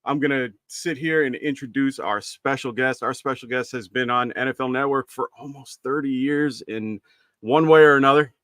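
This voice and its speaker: Man, smooth resonant voice, bright, dry recording, casual upbeat host. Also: medium pitch, moderate pace, dry recording. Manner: relaxed, upbeat introducer. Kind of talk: casual podcast chat.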